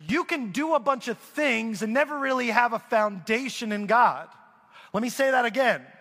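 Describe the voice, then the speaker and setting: A man's voice: extremely high pitch, animated, normal speed, bright, forceful tone. A middle-aged man preaching a storytelling sermon as guest pastor, animatedly acting out the people in his stories. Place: church auditorium. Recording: long church hall reverb.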